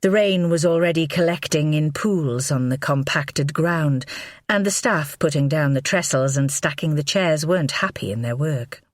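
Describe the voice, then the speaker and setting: A woman narrating a crime novel audiobook in a measured, expressive read on a close mic. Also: low-pitched, no room sound.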